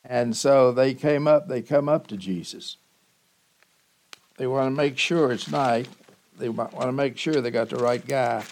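A man preaching a sermon as pastor, teaching slowly and emphatically with dramatic pauses. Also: mid-range voice, darkish tone.

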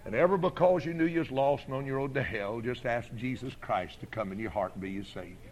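A man doing a calm, kindly old-time preacher. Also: mid-range voice, fast, voice pushed down, close to an everyday voice. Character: kindly older preacher counseling a young man.

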